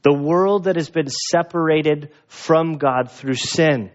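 A man delivers a sermon at an unhurried, deliberate pace. His voice sits a little high for a man, and he restarts phrases as he speaks. The recording has a dull, lo-fi quality. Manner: slow and earnest, with restarts. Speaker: pastor. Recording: dull lo-fi sound.

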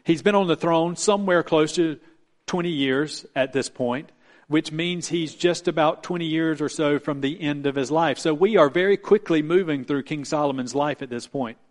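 A man delivers a sermon from the pulpit in a voice pitched a little high. He preaches earnestly, slowing his pace to press home each point. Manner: earnest preaching with emphatic slowdowns. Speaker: pastor.

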